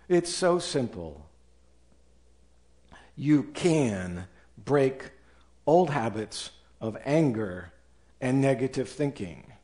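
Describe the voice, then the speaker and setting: A man's voice: mid-range voice, expressive, very slow, pauses often, mellow. A male pastor preaching a sermon with emphasis, acting out listeners' objections in raised voices.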